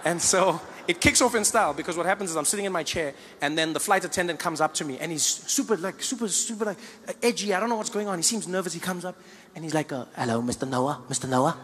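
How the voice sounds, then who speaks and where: A man telling stand-up stories on stage with animated delivery. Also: high-pitched, quick pace, big-room sound, slight background noise. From South Africa. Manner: animated storytelling. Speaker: comedian. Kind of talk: stand-up comedy.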